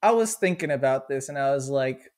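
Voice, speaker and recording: A young man co-hosting a podcast, chiming in with quick, giggly reactions during a casual movie chat. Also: medium pitch, lively intonation, darkish tone. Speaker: podcast co-host.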